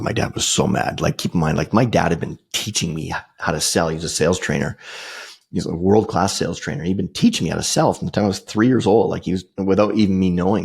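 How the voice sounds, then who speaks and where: A man's voice: low-pitched, vocal fry, a little mellow, breathy edge. A man, hosting a podcast and telling a personal story in a casual, conversational way, swearing freely and restarting often. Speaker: podcast host.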